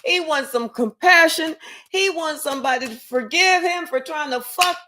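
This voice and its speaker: A woman's voice: high voice, normal speed, bright, forceful tone, slight background noise. A woman giving a casual live tarot reading, talking in a rambling, chatty way and swearing freely. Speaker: tarot reader.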